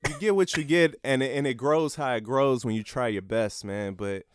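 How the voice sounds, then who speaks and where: Speaking at a normal speed in a smooth, medium-pitched voice, a grown man who raps and has kids opens up sincerely on a podcast, quick to laugh. The chat is casual, and there's no sense of the room.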